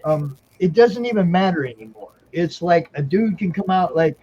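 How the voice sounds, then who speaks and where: A man's voice: high voice, lively intonation, normal speed, mellow, slight background noise. A man in casual chat who makes his points emphatically, like a lecture, and keeps checking with "okay?". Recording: dull lo-fi sound.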